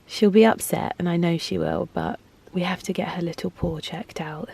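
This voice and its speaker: A woman talks to her camera in a relaxed, rambling way. Her chat is heartfelt and personal, full of little asides, as in a casual lifestyle vlog. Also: on the low side, normal speed, vocal fry, slightly rough. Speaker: lifestyle vlogger.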